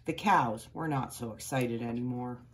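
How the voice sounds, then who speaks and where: A woman reading a children's picture book aloud, with expressive, playful emphasis on the story's sound words. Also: a bass voice, moderate pace.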